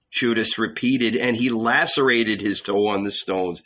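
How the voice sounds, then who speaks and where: Casting: slow-reading male narrator, bright husky voice, dull lo-fi recording. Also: lowish voice. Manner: measured, unhurried storytelling. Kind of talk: audiobook reading.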